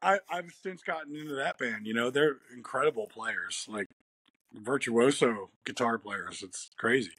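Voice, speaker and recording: Rambly american guy in an interview, husky voice, laughs a lot, dead dry sound. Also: medium pitch, moderate pace, fairly bright tone, no echo. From United States. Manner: laid-back, rambling, laughs often. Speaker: guest musician. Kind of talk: casual interview chat.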